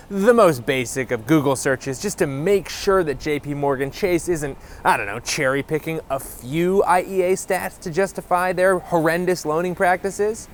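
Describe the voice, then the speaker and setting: A man's voice: on the high side, moderate pace, few pauses, slight background noise. A man hosting a comedic explainer video, delivering narration with sarcastic, jokey, mock-indignant asides. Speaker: host.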